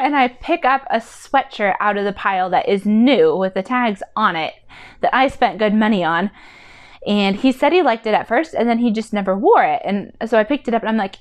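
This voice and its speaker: A woman's voice: medium pitch, lively intonation, brisk. A woman vlogging about decluttering as a mother, chatty and rambling, with lots of "like" and "um", and earnest in tone. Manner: chatty and rambling, with many fillers like "like" and "um"; earnest and heartfelt. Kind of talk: casual personal vlog talk.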